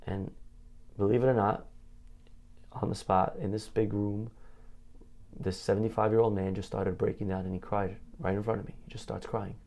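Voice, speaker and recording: A man's voice: on the low side, level tone, moderate pace, gravelly, pauses often, warm tone. A man speaking as a rabbi, telling a heartfelt story in a conversational sermon, with many "you know" fillers.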